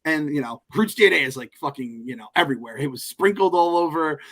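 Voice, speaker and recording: A man co-hosting a podcast in casual chat, animated, profane and joking. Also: fairly high pitch, fast. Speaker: podcast co-host.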